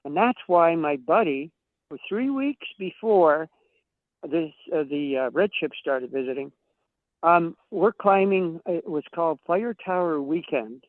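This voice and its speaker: A man guesting on a podcast tells long, profane stories in casual chat, acting out the dialogue of the people in them. His voice is fairly high and a little slow. The recording is dry, with no echo, over a tinny, phone-like line.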